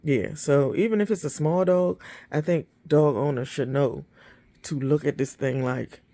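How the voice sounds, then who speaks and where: A woman's voice: low voice, measured pace, dark tone. A woman vlogging casual dog-training advice to her phone in a blunt, emphatic, plainspoken way. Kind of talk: casual talk to camera.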